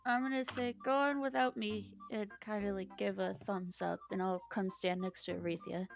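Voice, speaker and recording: A woman playing a tabletop game in casual, joking talk with quick reactions. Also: mid-range voice, level tone, creaky, faint music behind. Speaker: player.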